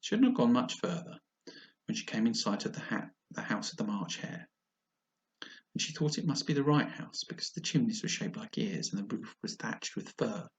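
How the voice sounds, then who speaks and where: A man narrating a classic children's story aloud, expressive, with the odd slip. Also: fairly low pitch, moderate pace, poor audio. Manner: expressive reading with small slips.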